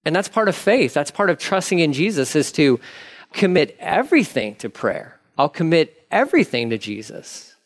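A man's voice: fairly high pitch, big pitch swings, moderate pace. A man preaching a sermon in a candid, conversational way, acting out prayers as he talks. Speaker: pastor.

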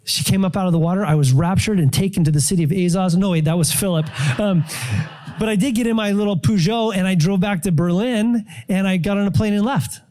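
A middle-aged man preaching a testimony from the pulpit, his voice mellow and relaxed. He tells his story with animated storytelling, acting out his own prayers and surprise. He sits a little higher in pitch than most men. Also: fast. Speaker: pastor. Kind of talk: sermon testimony.

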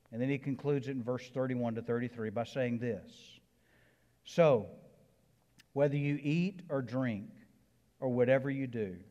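A Southern-accented pastor preaches a sermon in a church sanctuary, his medium-pitched voice mellow against the big-room sound. He moves between emphatic builds and casual, conversational asides.

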